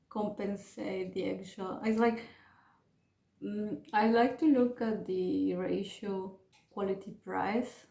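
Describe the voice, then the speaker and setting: A woman's voice: mid-range voice, vocal fry, darkish tone, reverberant. A woman, chatting her way through a home cooking tutorial with rambling asides and restarts. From Peru. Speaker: home cook vlogger. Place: home kitchen.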